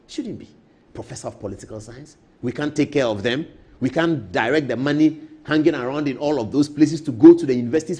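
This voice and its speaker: Fast, lively Ghanaian man on TV. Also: fairly high pitch, slightly rough. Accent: Ghanaian English. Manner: emphatic, repeats key points, storytelling asides. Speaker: political commentator. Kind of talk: animated TV political commentary. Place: TV studio.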